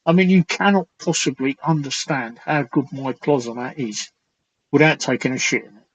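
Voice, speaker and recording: A man hosting a late-night live stream chat, slightly hoarse, rambling and crude as he reads out viewer comments. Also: mid-range voice, moderate pace, low-quality recording. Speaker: talk show host.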